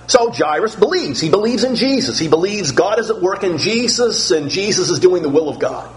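A man's voice: on the high side, slight background noise, low-quality recording. A man preaching an expository sermon, emphatic and repetitive, firing off rhetorical questions.

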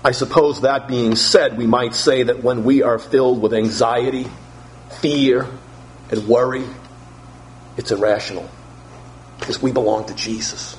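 A man's voice: medium pitch, steady tone, a little slow, long pauses, slight background noise, poor audio. A man preaching an expository sermon, emphatic and repetitive, firing off rhetorical questions.

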